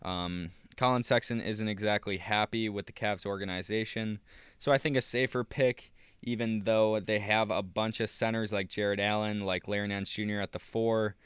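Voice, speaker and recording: This YouTuber's voice sits fairly low, with fairly even intonation, a fairly bright, clear and resonant tone, and no room sound. At a normal speed he talks casually through a basketball mock draft on a screen recording, rambling with many fillers and restarts.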